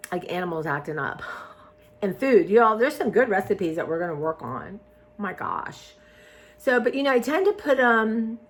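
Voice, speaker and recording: A woman chatting casually to her viewers, meandering with lots of ums and restarts. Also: medium pitch. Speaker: vlogger. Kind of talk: casual rambling chat to viewers.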